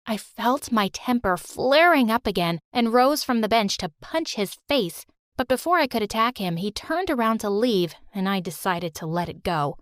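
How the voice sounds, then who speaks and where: Bright-voiced woman narrating a storytime. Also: on the high side, normal speed, hardly any pauses, no echo, studio quality. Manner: lively, expressive. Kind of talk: first-person storytime narration.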